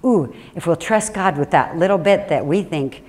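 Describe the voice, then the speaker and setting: A woman pastor preaching a sermon in a church, animated and emphatic, with sudden drops to a quiet, low voice. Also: moderate pace. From Washington State.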